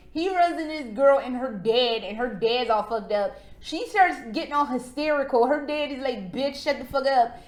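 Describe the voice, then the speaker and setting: A woman vlogging about video games in a casual, sarcastic, profane rant. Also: a little high. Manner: sarcastic and profane, with frequent laughs. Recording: roomy echo.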